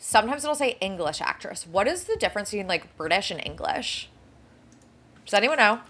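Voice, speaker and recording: A woman co-hosting a casual pop-culture gossip podcast, animated and blunt, peppering her talk with "like" and the odd swear word. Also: medium pitch, brisk. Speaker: podcast co-host.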